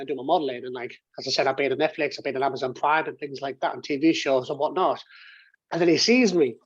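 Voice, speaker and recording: Bloke in his 30s rambling and swearing, bit high voice, muffled dry call sound. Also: breathy edge, no echo. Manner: rambling, with frequent restarts and swearing. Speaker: interview guest. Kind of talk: casual storytelling. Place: home office and games room.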